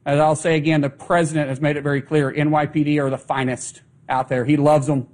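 A man's voice: fairly high pitch, little pitch movement, a little mellow. Insistent man at a press statement. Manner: insistent, quick rhetorical questions.

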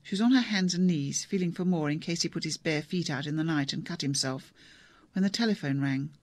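A narrator reading a novel aloud in a measured, even storytelling manner. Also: medium pitch, no room sound. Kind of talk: audiobook narration.

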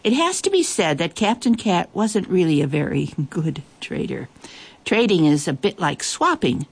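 A woman reading a children's story aloud in a lively, expressive way, with playful asides. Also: on the low side, normal speed, husky.

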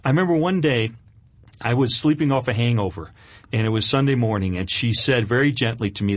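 A man's voice: mid-range voice, a little fast, no room sound. A middle-aged man giving an earnest, candid personal testimony as an interview guest, with hesitant restarts.

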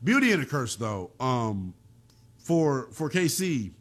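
Animated male sports show host. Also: medium pitch, takes it slowly. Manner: animated, bouncing between hype and jokes. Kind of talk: casual sports talk show.

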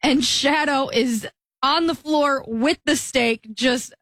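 A woman's voice: sits high, takes it slowly, fairly bright tone, dry recording, clean studio sound. A woman in casual chat telling a short, plain anecdote.

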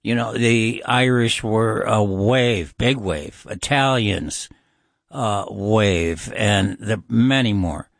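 A man's voice: on the low side, slow pace, creaky, no echo, studio quality. A man hosting a call-in radio show, chatting in a musing, informal way with many fillers.

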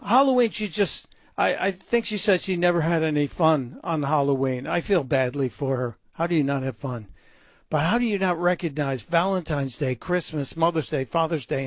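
Man, talk radio host, sarcastic, mocking, higher voice, dry close mic. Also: no room sound. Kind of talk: opinion talk radio monologue.

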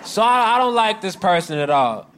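A man doing stand-up, telling a story sarcastically and shouting out bits. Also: sits high, sing-song, normal speed, clean tone, a faint crowd. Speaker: stand-up comedian.

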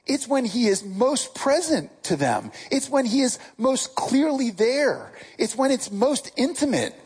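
Husky-voiced preacher with a lively delivery. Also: mid-range voice, low-quality recording. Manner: casual, asks the listeners direct questions. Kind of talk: conversational sermon.

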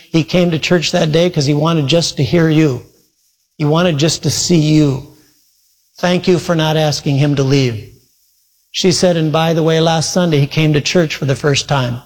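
A male preacher earnestly retelling a story in a sermon, quoting voices as he goes. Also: a little high. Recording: long reverb from a large hall.

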